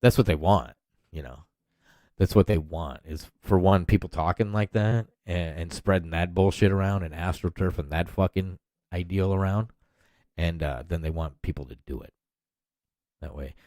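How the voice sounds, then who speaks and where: A man's voice: low-pitched, moderate pace, a little mellow, no room sound. A man in his thirties hosting a podcast, ranting in a profane, rambling, heated way. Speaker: podcast host. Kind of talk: solo rant podcast.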